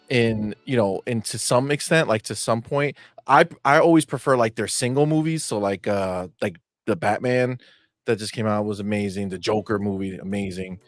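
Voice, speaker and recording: A man's voice: on the low side, dry recording. A man as a podcast guest, talking earnestly and with enthusiasm. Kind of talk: casual chat.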